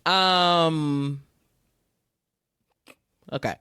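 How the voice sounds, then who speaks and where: Her voice is low and steady, with drawn-out words and a pushed, bright quality, recorded cleanly without echo. She co-hosts a podcast, keeping the chat casual and reading out news items through fits of giggles.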